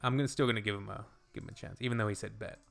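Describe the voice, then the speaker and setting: A man's voice: lowish voice, steady tone, very fast, creaky, background noise. A man from Canada hosting a reaction video, making wry, joking asides. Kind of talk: casual reaction commentary.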